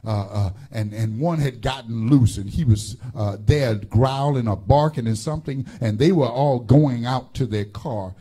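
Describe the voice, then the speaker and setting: A man's voice: mid-range voice, unhurried, few pauses, warm tone, husky. A man preaching a sermon as pastor, calling on the congregation to repeat words and telling stories with many fillers and restarts. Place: church.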